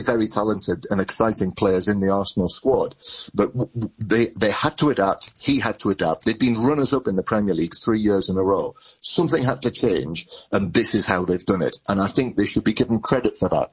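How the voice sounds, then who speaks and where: A man working as a football correspondent, giving measured live analysis with frequent restarts. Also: on the low side, slightly rough, poor audio.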